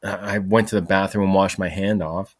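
A man's voice: low voice, fairly even intonation, brisk. A man hosting a solo podcast, rambling casually with lots of "freaking" and "like". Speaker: podcast host. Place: home recording, voice message.

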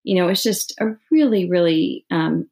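A middle-aged woman, an author, telling her story in an interview with frequent restarts and soft laughs. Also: lowish voice, moderate pace, gravelly. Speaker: author guest.

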